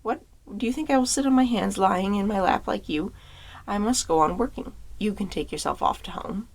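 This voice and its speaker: A woman voicing a gruff, scolding old woodcutter father in a storybook reading. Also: medium pitch, a little fast. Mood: angry. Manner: scolding, impatient.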